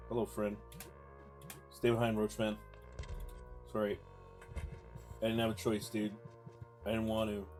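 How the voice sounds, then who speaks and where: A young man, chatting casually while streaming a game live and reading chat aloud. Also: fairly low pitch. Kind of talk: live gameplay commentary.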